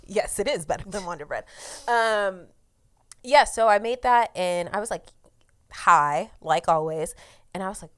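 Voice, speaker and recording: A woman's voice: mid-range voice, unhurried, fairly bright tone, clean tone. A woman from the United States co-hosting a casual podcast, swearing freely and acting out quotes as she tells stories. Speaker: podcast co-host.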